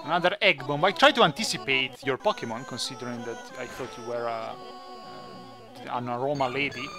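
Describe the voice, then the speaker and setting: A man's voice: mid-range voice, fairly quick, music in the background. A man who is not a native English speaker, chatting and joking through his let's play. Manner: chatty, jokey, thinks aloud. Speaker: gaming channel host.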